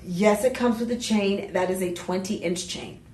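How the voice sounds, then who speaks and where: A woman's voice: medium pitch, normal speed, darkish tone. Exuberant woman hosting a shopping show. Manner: chatty, exuberant, playful asides. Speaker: home shopping host. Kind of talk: live jewelry sales pitch. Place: TV shopping studio. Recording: roomy studio sound, mic at a distance.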